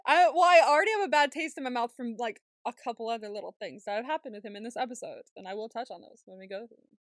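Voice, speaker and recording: A woman co-hosting a podcast, chatting casually in an animated way, laughing often and swearing freely. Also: a little high, fast, no echo, clean studio sound. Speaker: podcast co-host. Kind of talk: casual recap chat.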